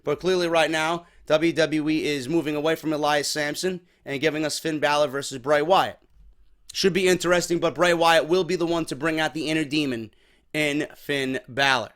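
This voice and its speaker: A man from New York recaps a wrestling show in a casual, opinionated way, high-pitched for a man. He talks bluntly, swears freely and gets animated about what he thinks. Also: normal speed.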